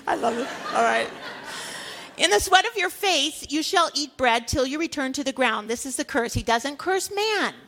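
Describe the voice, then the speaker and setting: A woman in her fifties delivers a sermon in a notably high voice. She preaches with animation, rising to loud exhortations and dropping to low, hushed asides. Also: expressive, moderate pace, some chatter behind, slight background noise. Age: 50s.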